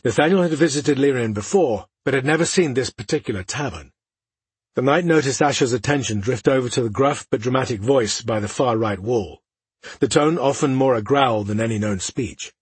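A male audiobook narrator with a very husky, breathy voice at a middle pitch. He reads fantasy prose in a steady, measured way, and the recording is dry and close. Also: no echo.

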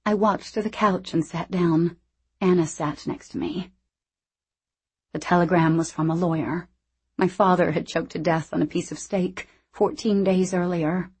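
A woman narrating a novel in the first person in a measured, reflective way. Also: lowish voice, fairly even intonation, a little mellow, husky. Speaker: audiobook narrator.

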